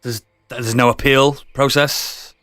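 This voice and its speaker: A man's voice: medium pitch, steady tone, takes it slowly, a bit bright, no echo. A man voicing a sarcastic, swearing male halfling prisoner in a tabletop game. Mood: exasperated.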